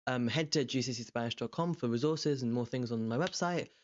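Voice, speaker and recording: A young man tutoring, walking through an exam question in a relaxed, rambling way with many ums and self-corrections. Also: medium pitch, a little fast, dull audio. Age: young adult. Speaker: language tutor. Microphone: desk microphone beside a webcam.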